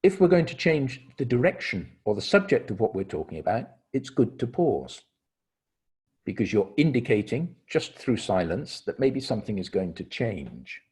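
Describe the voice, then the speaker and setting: A middle-aged man leading an online training seminar on communication, explaining step by step with deliberate pauses and stressed key words. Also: mid-range voice, sing-song, darkish tone, slightly rough.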